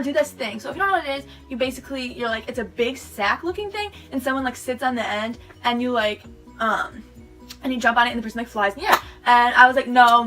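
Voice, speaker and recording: A woman's voice: fairly high pitch, bright, forceful tone. A teenage girl telling a storytime vlog, rambling and packed with "like" fillers. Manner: rambling, filler-heavy retelling with lots of "like". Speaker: vlogger. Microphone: camera mic. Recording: sped-up audio from a distant mic with music behind.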